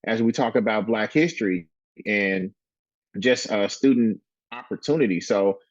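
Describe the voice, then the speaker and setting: Halting man hosting an interview. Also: lowish voice, no room sound. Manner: halting, restarts often, enthusiastic. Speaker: podcast host. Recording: dry, slightly dull sound.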